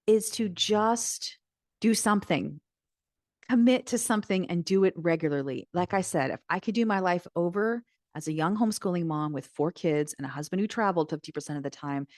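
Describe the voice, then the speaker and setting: A woman's voice: low-pitched, dry recording, studio quality. A middle-aged woman hosting a solo podcast, talking straight to the listener in an earnest, encouraging way. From United States. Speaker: podcast host and Christian mindset coach.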